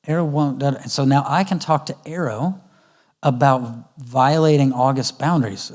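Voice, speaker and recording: A man's voice: medium pitch, a little fast, darkish tone. A middle-aged man giving a conversational parenting talk at a church, acting out family dialogue. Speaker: guest speaker. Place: church auditorium.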